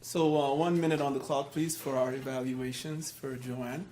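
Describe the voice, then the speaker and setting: A man's voice: mid-range voice, fairly even intonation, moderate pace, a little mellow, a little hiss or hum. A man chairing a club meeting, joking and self-deprecating between speakers. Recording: room with audience laughter.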